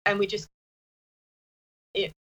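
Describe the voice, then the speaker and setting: A woman telling a personal story in casual chat, halting, with many restarts. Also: fairly bright tone, highs cut off. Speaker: partner sharing a personal story.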